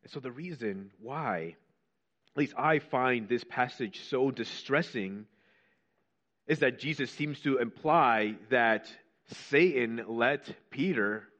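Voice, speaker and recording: Male preacher, mid-range voice, fervent questions, hushed quotes, slightly muffled recording. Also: mid-range voice. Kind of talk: sermon.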